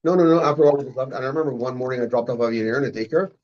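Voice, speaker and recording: A man who is a parent, telling quick stories from his own life in casual chat. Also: medium pitch, steady tone, a little mellow. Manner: rapid, anecdotal storytelling. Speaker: parent in the audience. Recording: dull lo-fi sound.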